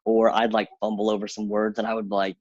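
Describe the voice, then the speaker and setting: A man with a slightly husky, mid-pitched voice delivers an upbeat coaching workshop, pushing his listeners on and now and then squeaking up high to act out his own doubts. The sound is dry and a little dull, like lo-fi online call audio. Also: completely flat delivery, quick pace, no room sound. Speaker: workshop speaker. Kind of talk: motivational social media coaching talk.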